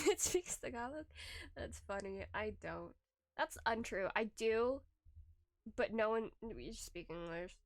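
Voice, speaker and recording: A woman's voice: on the high side, no echo. A young adult woman livestreamer chatting casually with her viewers, rambling, laughing often and restarting her sentences, close to a desk microphone. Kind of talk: casual stream chat reading chat.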